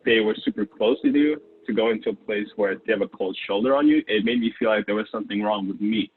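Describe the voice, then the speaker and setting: A man's voice: on the low side, quick pace. A man in his twenties, from Ukraine, talking casually as an interview guest and rambling with lots of fillers and restarts. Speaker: guest, former sales intern. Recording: tinny phone-like line.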